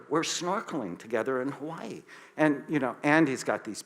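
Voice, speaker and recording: A man around sixty from the United States, a psychiatrist telling a story in a lecture, acting out the dialogue with lively shifts in pitch and loudness. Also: moderate pace. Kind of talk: storytelling talk to an audience.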